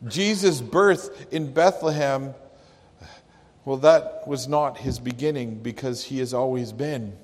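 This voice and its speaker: Slow, emphatic preaching man in reverberant hall. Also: mid-range voice, a little mellow. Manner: slow, emphatic preaching, stressing key words. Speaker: pastor. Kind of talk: sermon.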